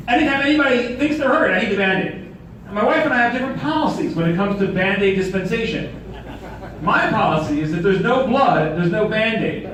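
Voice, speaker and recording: A man's voice: sits high, a bit bright. A man giving a sermon as a rabbi, telling a story with humor and rhetorical questions. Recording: echoey hall, distant mic, faint noise.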